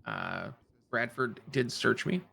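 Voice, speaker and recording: A man in casual in-character roleplay chat, telling a story in a profane, animated way. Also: mid-range voice, slow, vocal fry. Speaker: streamer playing a roleplay character.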